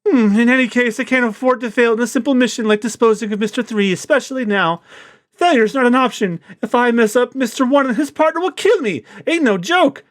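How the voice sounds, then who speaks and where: A man doing a shrill Mr. 2 Bon Clay. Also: a little fast. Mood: frantic, bossy. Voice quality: high, shrill, shouting. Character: flamboyant shouting male villain agent.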